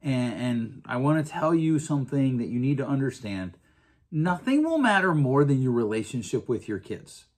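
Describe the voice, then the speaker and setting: A man's voice: medium pitch, sing-song, normal speed. A middle-aged man hosting a podcast, talking earnestly in a casual monologue with frequent restarts. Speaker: podcast host.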